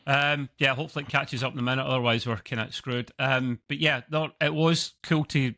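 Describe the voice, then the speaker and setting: Scottish man chatting, bright dry sound. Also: mid-range voice, fairly even intonation, a little fast, dry recording. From Scotland. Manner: rambling, self-correcting, chuckling asides. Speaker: co-host of a TV review show. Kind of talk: casual review chat over a video call. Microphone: video call.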